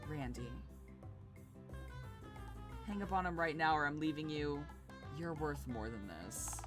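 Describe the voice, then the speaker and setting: Brief: woman playing a firm, earnest friend, low voice, music under. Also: unhurried. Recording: game music behind.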